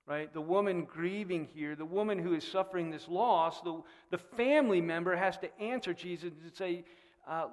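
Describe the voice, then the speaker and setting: Brief: high-pitched male pastor, animated and questioning, with long church reverb. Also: moderate pace. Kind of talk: sermon. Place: church sanctuary.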